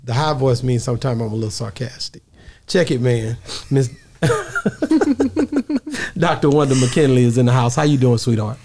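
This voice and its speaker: A man's voice: medium pitch, wildly swooping pitch, normal speed, long pauses, darkish tone. A young man hosting a podcast interview, talking in a loose, hype-man way. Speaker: podcast host. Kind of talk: casual interview chat.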